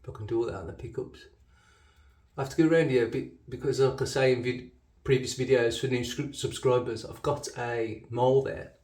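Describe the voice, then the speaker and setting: A man's voice: mid-range voice, steady tone, fairly quick, darkish tone, echoey room, far from the mic. A man with a Black Country accent, chatting casually while shaving, often correcting himself and laughing. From Black Country, England. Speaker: shaving channel host. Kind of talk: casual rambling shaving commentary.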